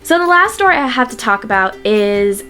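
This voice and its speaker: A young woman vlogger chatting casually to camera, telling stories and quoting people in lively voices. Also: on the high side, moderate pace, soft background music.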